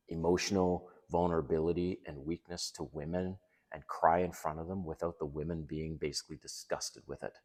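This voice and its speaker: A middle-aged man talking straight to other men, giving blunt, emphatic dating advice in a casual monologue. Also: low voice.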